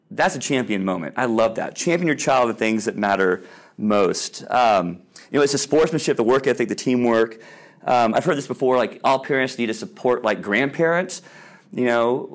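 A man giving an informal Christian talk to parents, telling stories with many ums and restarts and acting out the voices he quotes. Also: medium pitch. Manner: animated storyteller, acts out quoted voices loudly; casual with frequent ums and restarts. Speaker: speaker on Christian sports parenting.

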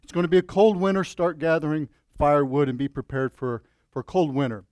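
A man doing a young chief, nervous, stammering, fairly high voice. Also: fairly even intonation, fairly quick, a little mellow, no room sound, studio quality, close to an everyday voice. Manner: anxious, hesitant, stammering.

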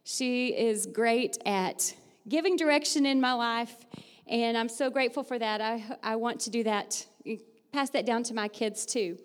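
A woman's voice: a little high, measured pace, clean tone. A woman who teaches fourth grade, giving an upbeat, chatty church talk in her teacher voice, laughing easily and leading the crowd. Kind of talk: lively church devotional with audience participation. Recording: long hall reverb.

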